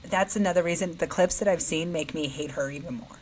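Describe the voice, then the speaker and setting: A woman's voice: lowish voice, quick pace, a little mellow, a little hiss or hum. A woman co-hosting a podcast, chatting casually and bluntly, gossiping with frequent laughs. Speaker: podcast co-host. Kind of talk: casual chat.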